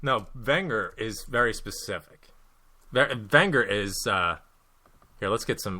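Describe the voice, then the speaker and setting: A man's voice: lowish voice, lively intonation, measured pace. A man hosting a podcast, talking in a blunt, profane, ranting way and joking between points. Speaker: podcast host. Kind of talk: casual chat.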